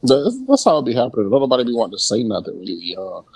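A man's voice: medium pitch, big pitch swings, racing, creaky, a little mellow, slightly rough, no echo. A man chatting casually on a podcast, reacting and joking. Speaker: podcast co-host. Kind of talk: casual chat.

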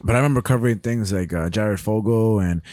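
A man's voice: fairly low pitch, fast, a little mellow, no room sound, studio quality. A young man co-hosting a podcast in casual chat, laughing often, swearing freely and acting out the people he talks about. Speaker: podcast co-host.

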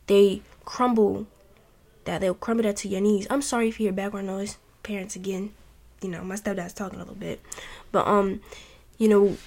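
A woman's voice: mid-range voice, a little mellow. A woman hosting a casual advice talk from home, earnest and heartfelt, rambling with restarts. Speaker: podcast host. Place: home with family noise nearby.

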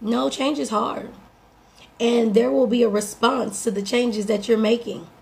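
Hoarse, gravelly woman giving a pep talk. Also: on the high side, fairly even intonation, unhurried. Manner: upbeat, direct, preachy pep talk to listeners. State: slightly hoarse. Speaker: life coach and podcast host. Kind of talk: motivational morning talk.

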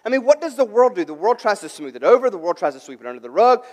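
A man in his thirties preaching a sermon as pastor, emphatic and swelling louder and softer, often stammering and restarting phrases. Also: high voice, big pitch swings, racing, hardly any pauses, big-room sound.

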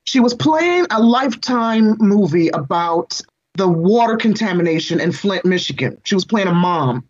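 A woman in her forties, an interview guest, telling a personal story in an expressive, animated way and speaking straight to the host. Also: fairly low pitch. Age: 40s. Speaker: guest, entertainment reporter and screenwriter. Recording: slightly dull lo-fi sound.

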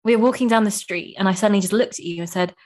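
Here a young woman hosting a podcast talks rapid-fire in a medium-pitched, slightly mellow voice. Her casual chat is gushing and emotional, packed with "like."

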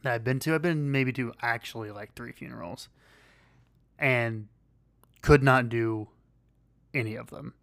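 A man co-hosting a podcast in casual chat, rambling and halting with many fillers and restarts. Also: mid-range voice, vocal fry, fairly bright tone, dry recording. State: losing his voice. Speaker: podcast co-host.

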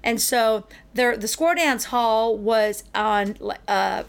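Lively middle-aged woman telling a story. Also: fairly high pitch, slow pace, clean tone. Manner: animated, acts out the people in her stories. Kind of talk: casual storytelling chat.

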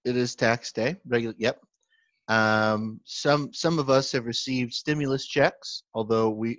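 This man, a pastor and podcast co-host, has a mid-range voice and takes his time. He tells an animated story full of laughter and self-restarts in a relaxed conversation, captured in a dry, slightly muffled recording with no echo.

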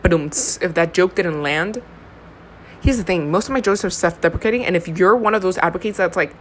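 A young woman from Honduras hosts a casual solo podcast, wandering from thought to thought with plenty of fillers and jokes at her own expense. Her voice sits on the low side, and a faint background hum sits under the recording. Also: fast talker, fairly bright tone. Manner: rambling, filler-heavy, self-deprecating. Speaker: podcast host.

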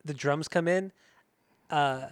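A man co-hosting a casual music podcast, excitable and swearing a lot, often singing along. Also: fairly high pitch, takes it slowly, dry recording. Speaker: podcast co-host.

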